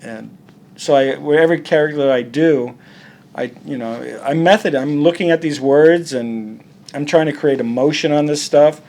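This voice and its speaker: A man's voice: fairly high pitch, moderate pace, a little mellow. A man, a comic artist, talking bluntly and profanely in a casual interview, acting out quoted dialogue.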